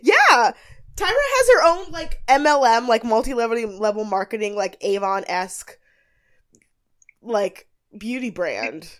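Giggly high-voiced woman chatting. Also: unhurried. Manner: giggly, animated, slips into impressions. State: groggy on cough medicine. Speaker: podcast co-host. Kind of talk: casual recap chat.

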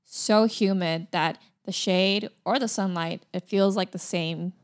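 A woman's voice: lowish voice, fairly even intonation, unhurried. A woman chatting casually as a guest, hesitant and full of "um" and "like". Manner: hesitant, lots of "um" and "like". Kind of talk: casual chat.

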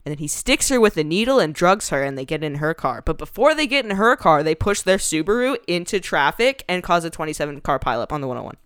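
A woman's voice: low-pitched, big pitch swings, fast, hardly any pauses, fairly bright tone, smooth, no echo, studio quality. A woman co-hosting a podcast, casually recapping a book with profane, sarcastic commentary and frequent laughter. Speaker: podcast co-host.

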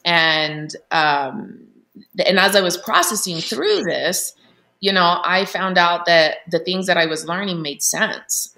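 A woman guest telling a personal story in an earnest, animated way, full of fillers and restarts. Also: low voice. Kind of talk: candid storytelling interview.

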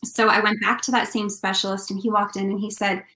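A woman's voice: medium pitch, little pitch movement, a little fast, pushed and bright, reverberant, poor audio. A woman from Canada, a country singer and interview guest, telling a personal story in an earnest, heartfelt way.

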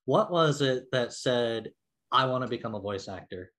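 Relaxed co-host with a curious voice. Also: medium pitch, moderate pace. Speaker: interview co-host. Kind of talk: casual interview.

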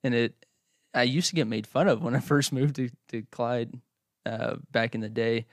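A man from Oklahoma who now talks, co-hosting a podcast in relaxed, chatty conversation with frequent laughter. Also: medium pitch, normal speed, no room sound, studio quality. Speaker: podcast co-host. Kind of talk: casual chat.

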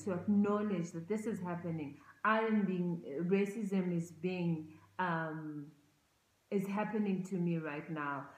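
Woman talking earnest and reflective, kinda low voice, lots of restarts and repeated words, echoey room. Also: a little mellow. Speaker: speaker on racial oppression. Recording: roomy echo.

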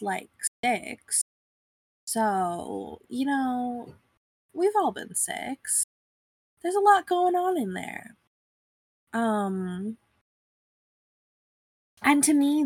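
A young woman with a husky voice and a touch of vocal fry, chatting loosely and rambling as a podcast host. She sounds close and dry, recorded lying in bed at home with no room sound. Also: mid-range voice, no echo. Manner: rambling, self-deprecating, filler-heavy. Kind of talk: casual conversation.

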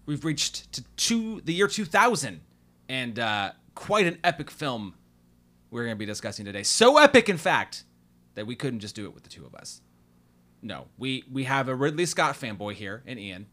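A man hosting a casual film podcast, animated and self-deprecating, swearing freely. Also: medium pitch, moderate pace. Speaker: podcast host.

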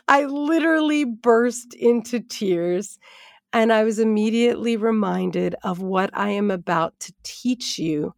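A woman Bible teacher telling a lively personal story as she leads into a devotional lesson. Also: a little high, slow, dry recording, studio quality. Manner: animated, expressive storytelling with asides.

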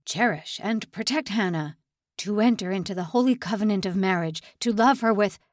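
Woman doing a gentle old male pastor. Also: medium pitch, no echo, studio quality, lightly acted. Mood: urgent. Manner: gentle, pious, measured.

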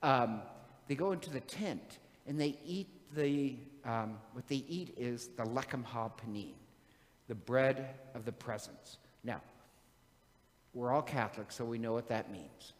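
A man's voice: medium pitch, unhurried, long reverb tail. A man preaching a sermon in a chatty, joking storytelling manner.

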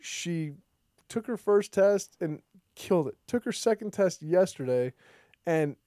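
A man's voice: a little slow, no echo, studio quality. A man hosting a casual podcast chat, rambling through stories with frequent restarts and acting out quoted lines. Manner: rambling storyteller who restarts sentences often; acts out quoted dialogue with lively pitch jumps. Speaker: podcast host.

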